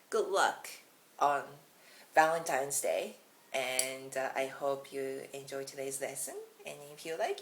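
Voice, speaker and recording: A woman's voice: sits low, slight background noise, low-quality recording. A Japanese woman with a Japanese accent, teaching a casual video lesson in a chatty, giggly way. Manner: chatty, giggly, self-deprecating. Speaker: language teacher.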